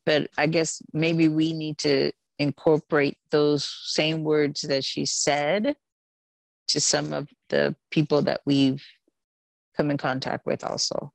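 Older woman co-host, low gravelly voice, dry mic, earnest and halting. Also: level tone, dry recording. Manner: earnest, searching for words. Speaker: podcast co-host. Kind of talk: casual podcast chat.

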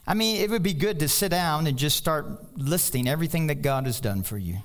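Guy preaching, folksy and jokey, kinda high voice that climbs when he gets going. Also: expressive, brisk. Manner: folksy, joking asides, voice rising on emphasis. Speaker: pastor. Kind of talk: sermon.

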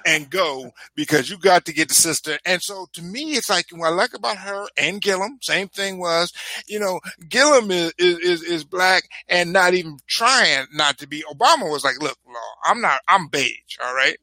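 Man, high and very bright voice, animated joking co-host, dry close sound. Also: moderate pace, no room sound. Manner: animated, joking, repeats words. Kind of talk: casual political chat.

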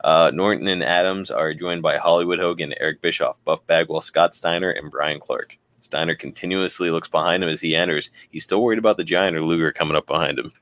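A man's voice: low-pitched, fairly quick, hardly any pauses, fairly bright tone, no room sound. A man casually narrating a wrestling storyline as a podcast co-host, laughing and swearing.

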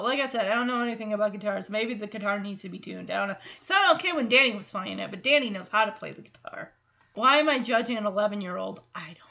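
Chatty woman recapping a sitcom, bright voice, slightly high, animated, slightly muffled audio. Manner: chatty, animated, acts out the characters' lines. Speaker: podcast host recapping a sitcom. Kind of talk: casual chat.

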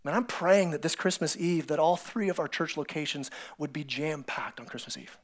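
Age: adult. Sex: male. Role: pastor. Style: sermon in a church, conversational and animated, acting out characters. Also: fairly high pitch, moderate pace. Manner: animated storytelling, acting out biblical characters with excited voices; conversational, repeats words and restarts often. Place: church sanctuary.

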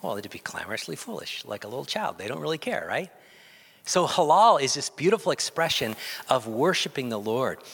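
Animated male pastor in a reverberant hall. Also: mid-range voice, fairly quick, gravelly, breathy edge. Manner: animated, joking, leads call-and-response with the congregation. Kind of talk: sermon. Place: church sanctuary.

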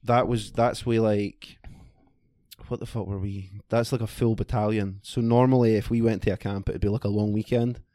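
Scottish man, low voice, casual chat, swears a lot, rambling storyteller, dry close mic. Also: moderate pace, dry recording. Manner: sweary, rambling, animated anecdote-telling.

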